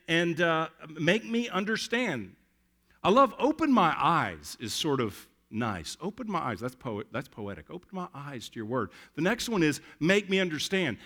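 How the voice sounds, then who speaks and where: A man's voice: fairly high pitch, fairly bright tone. A man preaching a sermon, conversational and earnest, reading verses and turning them into prayers. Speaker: pastor.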